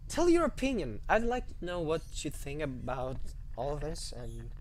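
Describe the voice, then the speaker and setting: A man's voice: on the high side, sing-song, moderate pace, a little hiss or hum. A man hesitantly commenting on a horror game, with lots of fillers, yelping and swearing at the scares. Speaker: let's play gamer.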